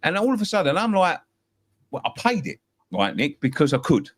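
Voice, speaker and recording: A man's voice: fairly high pitch, very animated, brisk. Fired-up man ranting about football. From England. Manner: passionate, swearing, repeating himself. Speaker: football fan guest. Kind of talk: heated fan-show chat.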